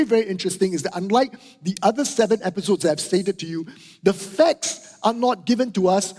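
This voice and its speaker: Middle-aged man, high-voiced emphatic preacher, long hall echo. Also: darkish tone. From Singapore. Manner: emphatic, repeats key phrases, asks "right?" and "okay?". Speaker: pastor. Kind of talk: sermon. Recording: hall reverb.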